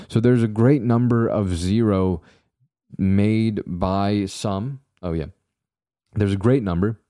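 A young man with a low, mellow voice talks alone into his podcast mic, rambling from thought to thought with jokey, self-deprecating asides to his few listeners. The sound is close and dry. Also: no room sound. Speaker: podcast host. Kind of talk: casual solo podcast monologue.

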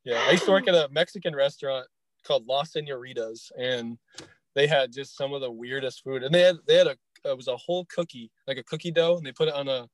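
A man's voice: medium pitch, quick pace, dry recording. Chatty northern Michigan man, dry close sound. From Michigan, USA. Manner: rambling, laughs easily, many fillers. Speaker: podcast host. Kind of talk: casual chat.

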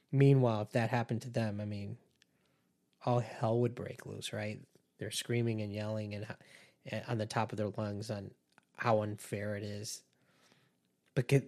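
A man's voice: medium pitch, darkish tone. Earnest man hosting a casual podcast. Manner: earnest and conversational, warning listeners. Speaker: podcast host and empath coach.

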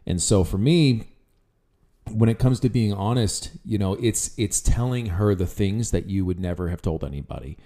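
Blunt low-voiced man on a podcast. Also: moderate pace, dark tone. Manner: blunt, frank, emphatic. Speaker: podcast co-host. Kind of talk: casual relationship podcast talk.

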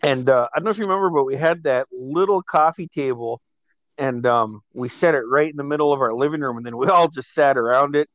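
A man's voice: medium pitch, a little fast, dry recording, dull audio. A man telling rowdy party stories in a casual chat, swearing freely and laughing as he goes. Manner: profane, animated storytelling with laughter. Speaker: host.

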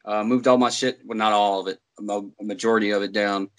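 A man's voice: on the low side, quick pace, low-quality recording. A young man telling a story in casual podcast chat, swearing often and getting worked up. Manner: animated storyteller, swears a lot. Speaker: podcast co-host.

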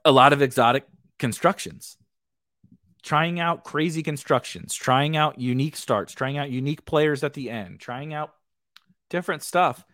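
A man's voice: fairly high pitch, normal speed, fairly bright tone, dry recording, studio quality. A man hosting a fantasy football stream in a casual, rambling way, restarting sentences and chuckling often. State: has the hiccups. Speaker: fantasy football podcast host. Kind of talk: casual livestream chat.

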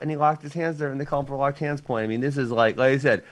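A man co-hosting a casual online show, excitable and laughing, his voice jumping high when amused. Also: fast. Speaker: co-host.

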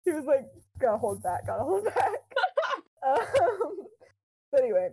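A woman's voice: high voice, sing-song, normal speed, gravelly, mellow, poor audio. A young woman co-hosting a podcast, casually retelling a fan-fiction story with quoted dialogue, lots of fillers and giggles.

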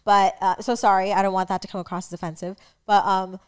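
A woman's voice: mid-range voice, flat delivery, fast talker, smooth. A young woman from Staten Island, co-hosting a podcast and telling rambling stories with asides to viewers. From Staten Island, New York. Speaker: podcast co-host. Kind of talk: casual storytelling chat.

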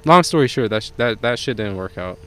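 A man's voice: mid-range voice, expressive, brisk, pushed and bright, smooth. A young man from Jamaica, a podcast guest, telling a rambling, profane story in casual chat.

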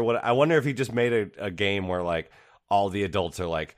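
A man's voice: lowish voice, lively intonation, a little fast, dry recording, clean studio sound. A man co-hosting a casual game podcast, rambling through playful theories with many restarts. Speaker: podcast co-host.

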